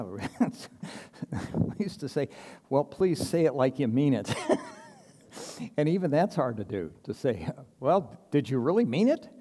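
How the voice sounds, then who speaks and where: A pastor preaches a sermon in a conversational, earnest way, acting out little quoted exchanges and chuckling now and then. His medium-pitched voice is warm, with a long reverb tail.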